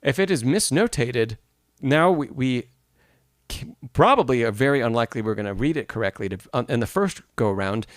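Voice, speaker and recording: Animated and brisk, a medium-pitched piano teacher runs a livestreamed masterclass, breaking down notation step by step. He reads and answers chat questions and sings rhythms aloud as demonstrations. His audio is close and dry, without any echo or room.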